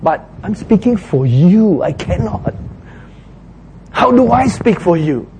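A man's voice: sits high, sing-song, slow, dark tone, slight background noise, pitched above the performer's own voice, full character voice. A man doing a stammering, reluctant Moses. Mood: pleading. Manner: hesitant, stammering pleas. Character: reluctant pleading Moses, adult man, anxious.

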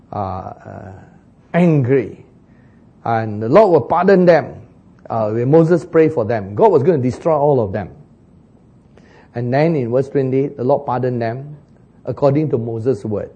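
A man preaching a sermon in an animated way, chuckling as he talks and acting out the lines he quotes. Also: mid-range voice, unhurried, dull audio. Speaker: pastor.

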